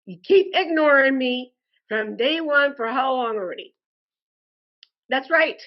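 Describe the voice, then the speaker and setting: A frustrated woman delivering an indignant complaint monologue, speaking deliberately and calling her listeners "folks". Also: sits high, dull audio. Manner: slow, deliberate and indignant, addresses viewers as "folks". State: frustrated and angry. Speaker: customer posting a complaint review.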